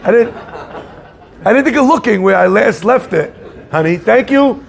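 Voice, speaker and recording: A man giving an animated storytelling sermon, acting out the people in his story. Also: sits high, a little slow, gravelly. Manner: animated storyteller, acts out shouting voices. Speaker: rabbi giving a talk.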